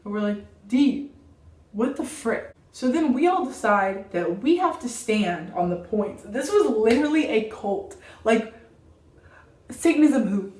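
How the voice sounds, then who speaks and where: A young woman telling a childhood story in a casual storytime vlog, dramatic and animated, saying "like" constantly. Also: on the high side, a little slow. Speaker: vlogger. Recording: roomy, mic at a distance.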